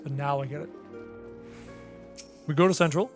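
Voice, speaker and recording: A man's voice: a little high, fast talker, pauses often, faint music behind. A man streaming a game live, chatting casually with his viewers in a playful, teasing, self-mocking way.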